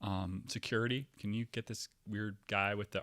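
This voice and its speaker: A man hosting a comedy podcast, telling a meandering, profane story that drops to mumbles and jumps to loud outbursts. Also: lowish voice, normal speed, no echo, studio quality. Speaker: podcast host.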